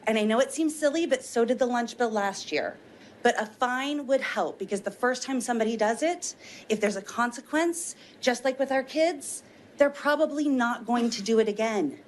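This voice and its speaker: A woman's voice: fairly high pitch, moderate pace, a little hiss or hum. A woman giving earnest, persuasive public testimony as a witness at a legislative hearing.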